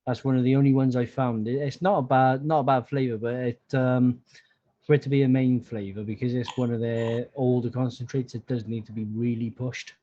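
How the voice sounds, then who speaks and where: A man in a casual live-stream chat, halting at first, then reading recipes out steadily. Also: medium pitch, fairly even intonation, warm tone. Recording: dull lo-fi call audio.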